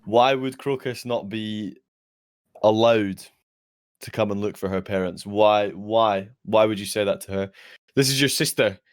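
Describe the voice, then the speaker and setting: A man plays his character in a tabletop fantasy game, making his plea in a rambling way. He stumbles and restarts often. His voice sits a little low. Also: a little slow, smooth. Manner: rambling, pleading, stumbling over words. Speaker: player. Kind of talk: in-character tabletop role-play.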